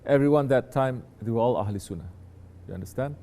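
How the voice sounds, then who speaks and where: A man's voice: mid-range voice, fast talker, warm tone. A man, a sheikh, teaching his disciples in a conversational sermon, often turning to ask listeners if they understand.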